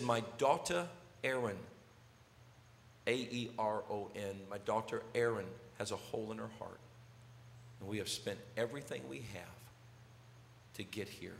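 A middle-aged man preaching a sermon, telling a story and swinging from loud calls to hushed words. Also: medium pitch, vocal fry, slight background noise. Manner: animated, swings from shouting to near whisper. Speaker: pastor. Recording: long hall reverb.

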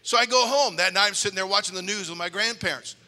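An older man preaching with humor, an animated storyteller with comic timing who slips into character voices. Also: sits high, fast. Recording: long hall reverb.

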